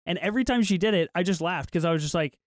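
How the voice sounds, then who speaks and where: A man's voice: high voice, rapid-fire, no echo, clean studio sound. A man co-hosting a podcast, chatting casually about a movie in a wry, joking way and laughing easily. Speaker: podcast co-host. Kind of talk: casual film review chat.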